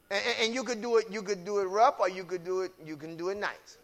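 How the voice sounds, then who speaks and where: A man preaching a sermon with call-and-response phrases, repeating lines and building into shouts. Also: high voice, fast.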